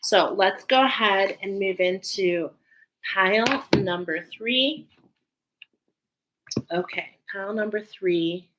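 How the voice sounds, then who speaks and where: A woman's voice: mid-range voice, takes it slowly, pauses often, noisy background. A woman giving a spiritual card reading to her viewers, speaking in soothing, affirming phrases and openly emotional. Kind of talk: intuitive tarot-style reading to viewers.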